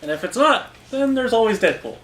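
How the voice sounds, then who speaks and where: A man's voice: very high voice, big pitch swings, brisk, fairly bright tone, a little hiss or hum. A man co-hosting a podcast, chatting casually about comics in an easygoing way and chuckling often. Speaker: podcast co-host. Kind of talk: casual comic review chat. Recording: roomy echo.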